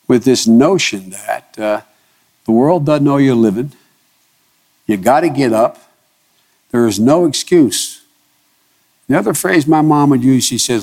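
An earnest man recalls his upbringing in an interview. He speaks emphatically and halts often, with frequent restarts. His voice sits at an ordinary pitch for a man. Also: darkish tone. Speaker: interview guest, politician. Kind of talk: reflective personal storytelling.

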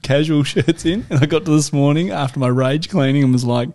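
A man's voice: on the high side, a little fast, a little mellow. A man co-hosting a podcast, joking and poking fun at himself in a casual chat. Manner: joking, self-mocking. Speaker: podcast co-host.

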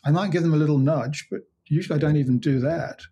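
A man's voice: on the high side, fast talker, dark tone, breathy edge, lo-fi sound. A man, a hypnotherapist guest in an interview, who tells stories about his clients with many restarts and acts out their dialogue. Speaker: hypnotherapist and mind coach, guest. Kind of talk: conversational interview.

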